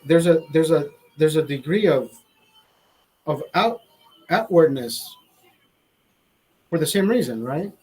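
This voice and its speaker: A man with a husky, slightly higher-pitched voice chats casually from a studio, swearing freely. He wanders through his stories with frequent restarts and asides, unhurried and informal. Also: animated, a little mellow, rough recording. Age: adult, father. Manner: profane, restarts often, storytelling. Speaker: show host. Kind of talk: casual rambling chat.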